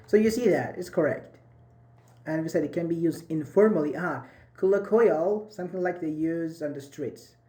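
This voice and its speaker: A man's voice: a little high, moderate pace, dark tone. A man teaching a live online English grammar class over a video call, encouraging his students and repeating and rephrasing each point.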